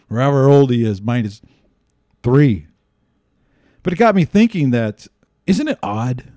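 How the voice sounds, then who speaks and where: A man's voice: medium pitch, dark tone, dry recording, clean studio sound. A man hosting a podcast, giving sarcastic political commentary and rambling with frequent restarts. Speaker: podcast host.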